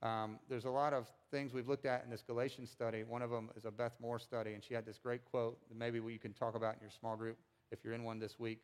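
A pastor delivers his sermon in a conversational, animated style and talks fast. To drive a point home he repeats words, and he acts out quotes with big swings in pitch and loudness.

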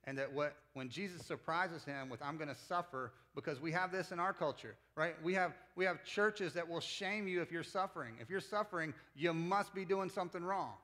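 Male pastor with a slightly high voice, relaxed conversational sermon delivery. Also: a little fast, hardly any pauses. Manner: conversational, acts out the disciples in casual voices.

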